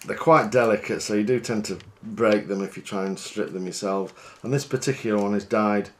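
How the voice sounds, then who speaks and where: A man, working as a fishing guide, talking through a fly tying demonstration in a chatty, relaxed, self-deprecating way. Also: fairly low pitch, normal speed.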